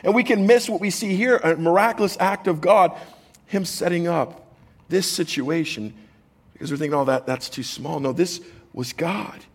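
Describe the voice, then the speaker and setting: A man's voice: a little high, normal speed, breathy edge. A man preaching a sermon as pastor, conversational and jokey, reading scripture aloud to the congregation.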